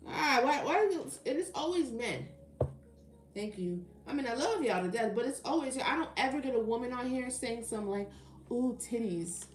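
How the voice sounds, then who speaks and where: A woman's voice: a little high, lively intonation, a little fast, slight background noise. Casual woman tarot reader, echoey room. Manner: casual, talks to chat, gets heated and indignant. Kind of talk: live-stream tarot reading and chat.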